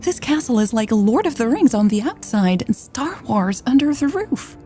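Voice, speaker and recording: A woman voicing a shy, excitable young woman who talks softly and breathily, lifting with wonder. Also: mid-range voice, normal speed, faint music behind, voice pushed up, natural voice. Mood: excited, awed.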